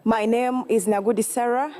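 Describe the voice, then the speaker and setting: A young woman from Eastern Uganda with a Ugandan accent, giving an earnest, halting student campaign speech and often apologizing. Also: on the high side, fairly even intonation, darkish tone. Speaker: student election candidate.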